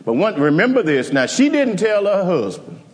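A male preacher with a high, lively voice that leaps from hushed lows to shouted peaks. He tells the story emphatically and chuckles along the way. His words ring out in a big hall with long reverb. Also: normal speed. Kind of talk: sermon.

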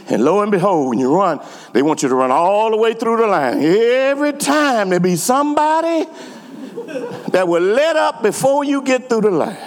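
Brief: middle-aged pastor, lively swooping delivery, fairly high voice, reverberant church hall. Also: male voice, normal speed. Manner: animated, repeats words, emphatic. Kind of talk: sermon storytelling. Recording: echoey hall.

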